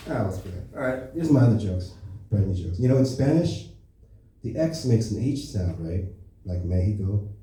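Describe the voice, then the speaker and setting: A man's voice: medium pitch, very animated, normal speed, mellow. Guy doing open mic standup, far from the mic, faint noise behind. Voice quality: casual, checking in with "right?". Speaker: stand-up comedian. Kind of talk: stand-up set. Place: comedy club open mic. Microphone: stage microphone. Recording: echoey room from far off.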